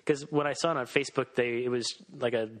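A man co-hosting a podcast in casual chat, talking excitedly with many restarts. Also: mid-range voice, quick pace, low-quality recording. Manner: excitable, lots of fillers and restarts. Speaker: podcast co-host.

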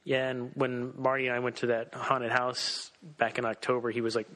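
A man co-hosting a podcast in casual chat, talking excitedly with many restarts. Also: medium pitch, moderate pace, rough recording. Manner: excitable, lots of fillers and restarts. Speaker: podcast co-host.

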